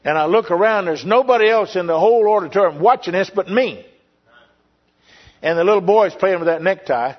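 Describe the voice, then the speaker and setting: An older pastor gives an earnest sermon testimony, circling back on his words and pausing as he tells the story. His voice sits a little high for a man. The recording is dull and lo-fi. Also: expressive. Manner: earnest storytelling with repetitions and pauses.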